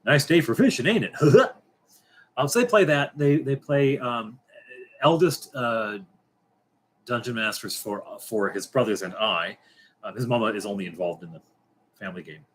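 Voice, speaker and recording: Middle-aged male stream host, low-ish voice, halting and rambly with wry asides. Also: a bit bright, breathy edge. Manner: rambling and halting, many fillers and restarts. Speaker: livestream host. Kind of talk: casual late-night livestream chat.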